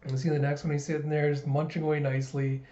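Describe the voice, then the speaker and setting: A man hosting a reaction video, reading a comic aloud in an animated way, laughing often. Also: a little high, fast, recorded from a distance. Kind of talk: casual manga reading and reaction. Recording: roomy, slightly dull recording.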